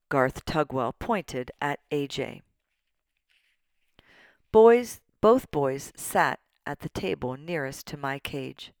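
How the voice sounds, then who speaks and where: A woman narrating a children's storybook in an animated, playful way. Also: extremely low pitch, slow, no room sound, clean studio sound. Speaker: audiobook narrator.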